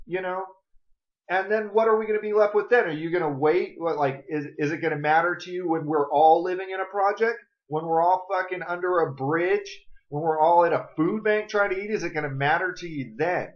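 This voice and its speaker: An angry man rants straight at his viewers in a home vlog, swearing hard and jabbing with questions. His voice sits a touch high, and the lo-fi webcam audio sounds dull and muffled. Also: a little fast. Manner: angry, profane, confrontational, addresses viewers directly. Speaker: vlogger. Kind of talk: ranting political vlog.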